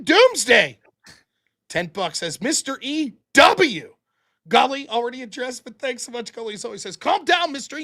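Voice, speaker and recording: A man hosting a casual live stream, reading out donations and telling stories, excitable, with sudden loud bursts between mumbled asides. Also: very high-pitched. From United States. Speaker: stream host.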